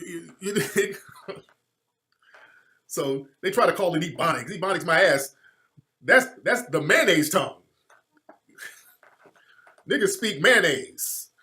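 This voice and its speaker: A man delivering a heated, profanity-laced monologue as a commentator. His voice sits a little high for a man. He hammers his points home with preacherly repetition, rising into loud bursts and then dropping to a low mutter. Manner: emphatic, swings between loud outbursts and low muttering. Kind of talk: impassioned monologue.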